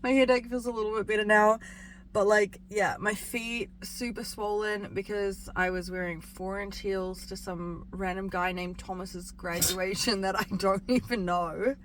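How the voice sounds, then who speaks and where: A woman's voice: mid-range voice, fairly even intonation, a little slow. A young woman, heavily pregnant and tired, tells a story for her vlog in a casual, chatty way. She fills her talk with "like" and breaks into laughter often. A faint hiss of noise sits under her voice. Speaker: vlogger.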